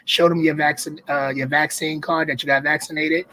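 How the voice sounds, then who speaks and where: Laid-back co-host with a Brooklyn accent. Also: male voice, fairly high pitch, level tone, fairly quick, pushed and bright. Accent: Brooklyn New York. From Brooklyn, New York. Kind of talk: casual show chat.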